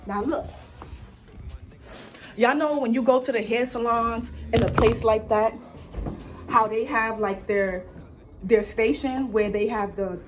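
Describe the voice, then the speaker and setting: Profane, animated woman storyteller. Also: a little high, noisy background. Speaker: vlogger. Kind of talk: storytime vlog.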